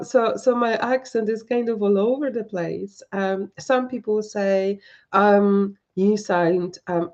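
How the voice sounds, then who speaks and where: A woman's voice: mid-range voice, muffled recording. A woman giving live psychic readings from home, speaking hesitantly with many ums and restarts. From lives in northern Scotland, learned English there. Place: at home with a dog.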